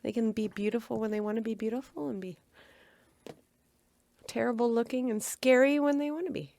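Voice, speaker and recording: A woman's voice: on the high side, steady tone, gravelly, mellow. Chatty woman reacting on a podcast. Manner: chatty, reacts with quick comments and laughs. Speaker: podcast co-host. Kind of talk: casual podcast chat.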